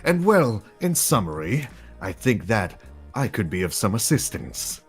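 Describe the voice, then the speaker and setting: A man's voice: on the low side, big pitch swings, measured pace, breathy edge, soft background music, full character voice. A man voicing a polite, eager young officer, speaking in a deferential, stammering way. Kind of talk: live dramatic read-through of a musical.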